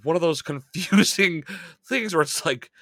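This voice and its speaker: A man picks apart a movie with a co-host in loose, sarcastic chat full of swearing. His voice is bright and forceful, recorded close in a dry room. He laughs between lines. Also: on the high side, measured pace, no echo. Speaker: podcast co-host. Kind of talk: casual movie-review chat.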